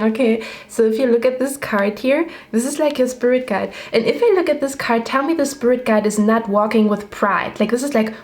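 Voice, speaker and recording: A woman's voice: a little high, fairly quick, few pauses, a little mellow. A woman giving a casual tarot reading, chatty and reassuring, often checking in with "okay?". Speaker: tarot reader. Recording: roomy echo with faint music.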